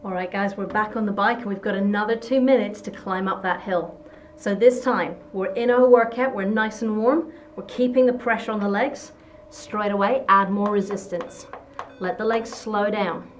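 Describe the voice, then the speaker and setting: An upbeat woman guides a workout class with brisk instructions and steady encouragement. Her voice sits in a middle pitch, and she clips each cue short. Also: slight background noise. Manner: encouraging, coaching cues in short bursts. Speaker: fitness instructor.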